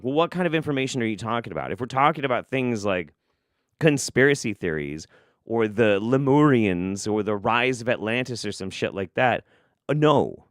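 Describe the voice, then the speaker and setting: Animated, sarcastic male streamer. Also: medium pitch, normal speed, dry recording, studio quality. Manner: incredulous, profane, sarcastic. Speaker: streamer reacting to clips. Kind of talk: live-stream commentary.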